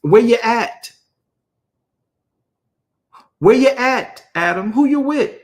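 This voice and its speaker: A man doing a raised, forceful voice of God, high and loud, pressing question after question in urgent street slang, a calling figure in a spoken sermon. The pitch jumps well above his usual voice. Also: lively intonation, normal speed. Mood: insistent. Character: God calling out to Adam, male, insistent.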